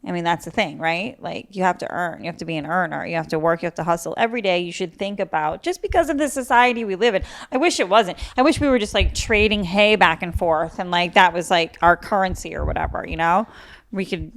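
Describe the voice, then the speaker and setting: A woman's voice: fairly low pitch, fast talker. A young adult woman hosting a solo comedy podcast, talking casually with lots of swearing, jokes and bursts of mock outrage. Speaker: podcast host.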